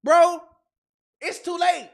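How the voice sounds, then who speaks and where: A man's voice: very high-pitched, fairly even intonation, slow, gravelly, a crowd in the background. A man co-hosting a comedy podcast, ranting in a heated, profane way and repeating himself when fired up. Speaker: podcast co-host.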